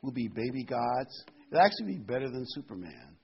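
An older man preaching a sermon, reading scripture aloud and commenting between verses, rising in pitch and volume when he reads the verses. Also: very animated, fairly quick, gravelly. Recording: dull lo-fi sound with faint noise.

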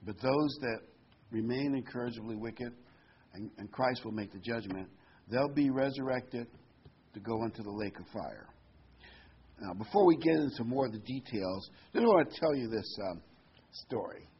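A male preacher works through scripture verse by verse, drifting into folksy asides. His voice is husky, sits at a middle pitch, and the recording sounds dull and lo-fi. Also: expressive, normal speed. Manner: conversational, folksy, digressive. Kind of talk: sermon.

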